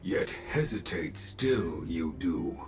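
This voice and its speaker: A man's voice: low-pitched, animated, slow. An actor voicing a wise old craftsman who speaks with inverted word order in a game. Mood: calm. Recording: game cutscene with clear music behind.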